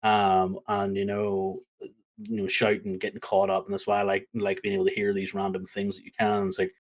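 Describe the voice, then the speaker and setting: A man co-hosting a wrestling podcast, talking casually in an animated, rambling way with many fillers. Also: deep voice, moderate pace. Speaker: podcast co-host.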